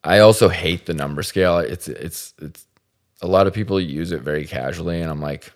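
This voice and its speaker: Deep-voiced man ranting on a podcast. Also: normal speed. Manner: profane, exasperated storytelling with acted quotes. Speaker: podcast host. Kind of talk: rambling comedic monologue.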